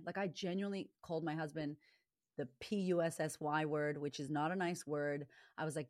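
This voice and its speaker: Blunt, outspoken woman with a low voice. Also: steady tone, a little fast, a little mellow, no room sound, studio quality. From Latina upbringing. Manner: blunt, swears freely, passionate. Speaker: guest, confidence coach and author. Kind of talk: candid interview talk.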